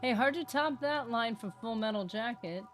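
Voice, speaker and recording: A woman streaming a video game live, chatting casually, reading chat aloud and breaking into excited bursts. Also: fairly high pitch, moderate pace, music in the background. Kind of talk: live gameplay commentary.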